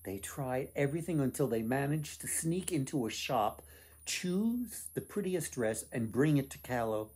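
A man reading a folktale aloud to children, expressive with dramatic pauses. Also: medium pitch, breathy edge. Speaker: author reading his book. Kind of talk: storybook read-aloud.

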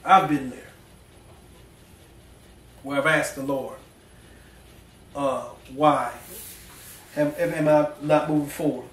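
A man preaching in a church, his voice a bit high for a man and rising as he gets animated. He talks in a folksy way with slang, and the sound is echoey and picked up from some distance, with a faint hum of the room behind him. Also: takes it slowly, long pauses. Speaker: pastor. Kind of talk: sermon. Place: church sanctuary.

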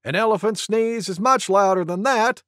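A man's voice: sits high, normal speed, fairly bright tone, no echo, studio quality, voice pushed up. A man voicing an eager, showy little male porcupine in a storybook.

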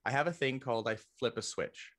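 A man's voice: medium pitch, brisk, fairly bright tone. A man, a guest on a podcast interview, telling a long story casually, often restarting his sentences and joking at his own expense. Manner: rambling, with frequent restarts and self-corrections. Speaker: podcast guest, military veteran.

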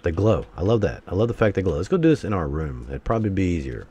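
A man's voice: sits low, sing-song, quick pace, mellow, breathy edge. A man giving let's-play commentary, talking to himself and bursting into exasperated curses.

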